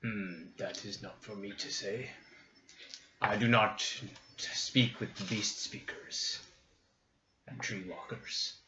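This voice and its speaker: A man voicing a gruff male orc warrior in a tabletop game, speaking low and formal without contractions. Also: fairly even intonation, takes it slowly, long pauses, pushed and bright, reverberant, lo-fi sound. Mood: guarded.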